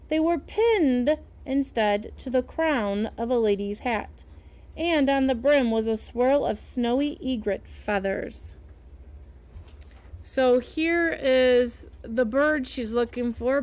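A woman reading a picture book aloud and pausing to explain the pictures to young listeners. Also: sits high, a little mellow. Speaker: storyteller.

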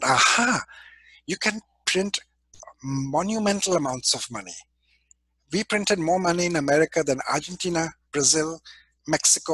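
Animated lecturing man, husky voice. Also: fairly high pitch, no room sound, low-quality recording. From India. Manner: animated, emphatic, acts out quoted people. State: clearing his throat from allergies. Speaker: business school professor. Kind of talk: classroom lecture.

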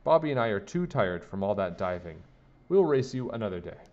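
A man voicing an eager, boastful young boy in a storybook, with an excited, shouty delivery. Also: on the low side, fairly quick. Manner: excited, shouty read-aloud. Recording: dull lo-fi recording.

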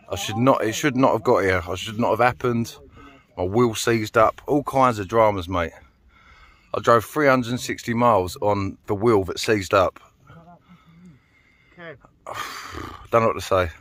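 A man doing an excitable, breathless fishing commentary, loud and exuberant, outdoors on a small boat. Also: on the low side. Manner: loud, exuberant, shouts and whoops. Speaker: angler vlogger. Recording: noisy open-air boat recording.

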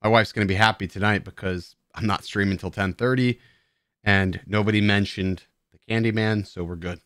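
The voice is fairly low and steady for a man, moderately paced with a fairly bright, clean tone in a dry, clean studio recording. He's a live streamer at his desk in a headset, tipsy and playful over beer, rambling casually and joking about himself to his viewers.

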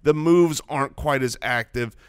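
A man co-hosting a sports podcast in casual chat, talking in an animated, emphatic way. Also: medium pitch, moderate pace, clean tone, no echo, clean studio sound. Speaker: podcast co-host.

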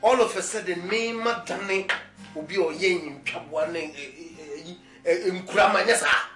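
A man's voice: high voice, a little slow, bright, forceful tone. An actor playing a brash man who mocks and repeats his words in a home quarrel, with a Ghanaian accent. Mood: mocking. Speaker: actor in a film scene. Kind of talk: Ghanaian film acting. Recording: echoey room with music.

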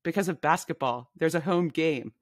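Woman reading as a loud, bossy woman friend, blunt, dry close sound. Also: low-pitched, normal speed, dry recording, close to an everyday voice. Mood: chatty. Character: brash, loud adult woman friend at a bar. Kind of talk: reading a memoir aloud.

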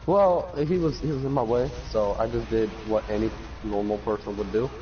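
A man's voice: lowish voice, moderate pace. A man streaming a game with a friend, joking, swearing often and putting on silly voices for the characters on screen. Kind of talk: casual gameplay chat with a friend. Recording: dull lo-fi stream audio with faint hiss.

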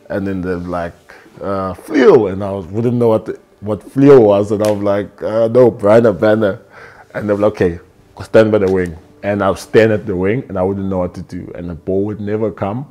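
A young South African man, a rugby player, telling candid stories in an interview in a relaxed, rambling way, acting out the dialogue. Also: low-pitched.

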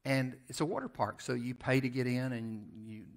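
Southern American male pastor, mid-range voice, conversational sermon delivery with quiet asides. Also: medium pitch, moderate pace. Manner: conversational storytelling, shifting between loud emphasis and quiet asides. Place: church sanctuary.

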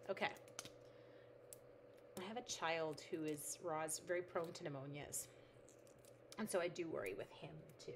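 With a deep voice, normal speed, and long pauses, this middle-aged woman hosts a craft livestream against a noisy background. She chats casually while making cards, reads out comments from viewers, and talks to her materials.

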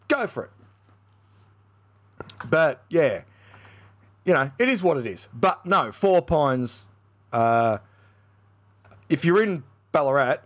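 An Australian man in his young adult years gives a casual beer review, swearing freely and ranting in blunt terms. His voice swings lively up and down in pitch as he talks.

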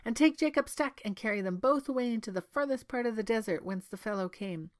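A woman's voice: on the high side, fast, close to an everyday voice. A woman voicing a scheming, greedy male prime minister in a read-aloud story, speaking in a sly, insistent way.

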